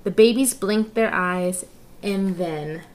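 A woman reading a children's picture book aloud, narrating gently and engagingly, with asides to the listener. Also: medium pitch, takes it slowly. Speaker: storyteller. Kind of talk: children's story read-aloud.

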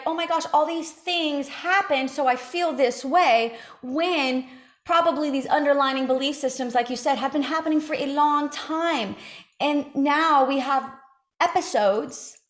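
A woman interviewing a guest, talking in a fast, earnest way. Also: high-pitched, roomy sound. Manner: fast, earnest, many fillers and restarts.

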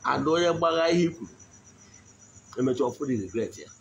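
Man teaching slowly, insects behind. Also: mid-range voice, expressive, creaky, slight background noise, rough recording. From Nigeria. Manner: switches between Igbo and English, frequent check-ins. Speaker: traditional spiritual teacher. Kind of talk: spoken teaching.

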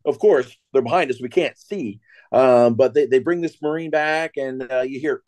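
A man on a podcast crew telling a story in an animated way, often checking in with his listeners. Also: mid-range voice, moderate pace, a little hiss or hum. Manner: animated, keeps checking in with "right?". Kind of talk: casual storytelling.

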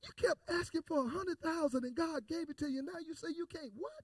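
A male pastor preaching a call-and-response sermon, repeating phrases and building to shouted emphasis. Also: very high voice, fairly quick, no room sound.

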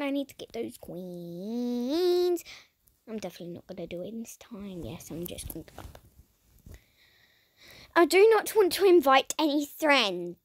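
Excitable woman narrating her gameplay. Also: fairly high pitch, takes it slowly, pauses often, dry recording. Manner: excitable and dramatic, swinging between squeals and whispers; chats to viewers while playing. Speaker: gaming channel host. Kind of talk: casual gameplay commentary.

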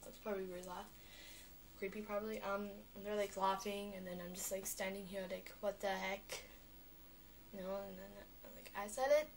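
A young girl talking on a vlog, chatty and animated, with lots of filler words. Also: mid-range voice, fairly quick, a little hiss or hum. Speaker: vlogger. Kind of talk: rambling vlog monologue.

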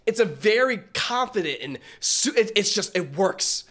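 A man hosting a reaction video in casual commentary, excitable and rambling, often stumbling over his words. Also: high voice, normal speed.

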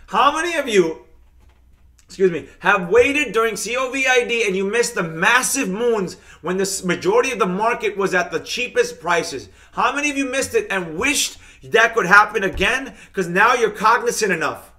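A high-pitched, bright-toned man runs a live market lesson for his viewers. His talk is hyped and repetitive, and he keeps answering chat comments as he goes. He chants his catchphrases again and again. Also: expressive, normal speed. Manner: talks straight to viewers, reading their comments. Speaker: trading teacher hosting a live stream.

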